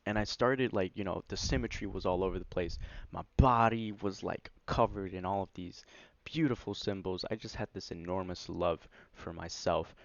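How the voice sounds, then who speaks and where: A man with a deep, low voice tells a personal story on his vlog, rambling along with plenty of "like" and "you know." He sounds excited and animated as he recounts it. The recording is dry and a bit dull, lo-fi. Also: no room sound. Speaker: vlogger. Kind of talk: casual first-person storytelling.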